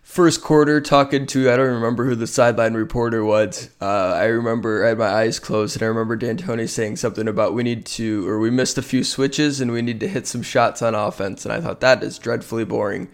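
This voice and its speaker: A man's voice: mid-range voice, steady tone, brisk, few pauses, clean tone. A man hosting a sports podcast alone, talking casually with lots of fillers and a tired, yawning, self-deprecating ramble. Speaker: podcast host.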